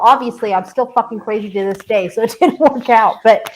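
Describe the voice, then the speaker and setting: A woman's voice: fairly high pitch, brisk, low-quality recording. Frank, swearing woman in her fifties. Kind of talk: casual group chat.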